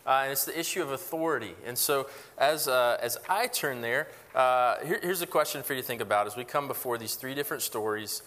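A man preaching to a congregation in an earnest, conversational way, often pausing on fillers and restarting his sentences. His voice sits at an ordinary middle pitch. It carries a long reverb from the church hall around him. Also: bright, forceful tone. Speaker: pastor. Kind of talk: sermon. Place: church sanctuary.

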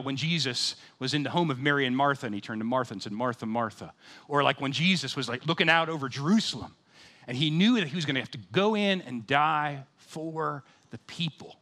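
A man in his fifties preaching a sermon, animated, swinging between loud excited bursts and quiet, sober scripture readings. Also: on the high side. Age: 50s. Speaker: pastor.

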